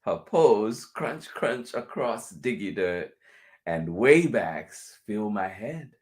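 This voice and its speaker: A man reading a picture book aloud for children, going over each passage twice in a gentle way and chuckling softly between lines. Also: lowish voice, big pitch swings, slow pace. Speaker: children's storyteller.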